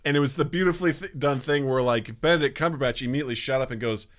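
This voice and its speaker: A man co-hosting a casual podcast chat, animated and laughing often, acting out quotes in exaggerated voices. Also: on the high side, quick pace, hardly any pauses. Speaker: podcast co-host.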